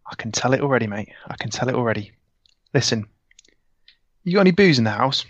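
A man's voice: mid-range voice, lively intonation, fast, dry recording, dull audio. A man playing a tabletop role-playing game in character, laid-back and cocky, calling others mate. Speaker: player.

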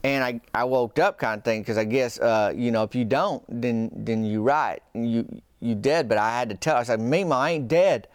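A man's voice: mid-range voice, normal speed, clear, resonant tone, no room sound, clean studio sound. A man hosting a podcast, telling a comic story in a folksy, meandering, self-deprecating way. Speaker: podcast host.

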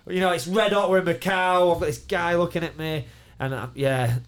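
Guy, slightly high voice, sweary laughing story time on a podcast. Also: a little fast. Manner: swearing, laughing, animated anecdote. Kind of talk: casual storytelling chat.

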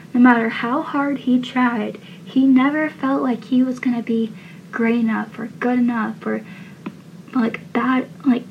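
A woman's voice: a little high, mellow. A woman recapping a TV scene in a casual, emotional way, rambling with many fillers, in a dull, lo-fi recording with faint hiss. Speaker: TV show fan vlogger.

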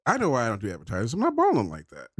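A male podcast co-host trades relaxed, profane jokes in casual chat. His voice swings widely in pitch, and the sound is dry and close to the mic. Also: rapid-fire, no echo. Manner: laid-back, laughing, profane banter.

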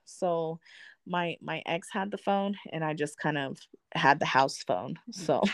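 A woman's voice: sits low, slow pace, dry recording, studio quality. A woman in casual conversation, telling a personal story with frequent laughs and free swearing. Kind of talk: casual chat.

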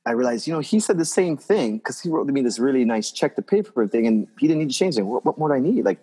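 A man's voice: racing, slightly rough. A man, an interior designer, talking casually about his work and acting out what clients say. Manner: animated storyteller, acts out quoted voices in a high pitch. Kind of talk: casual conversation.

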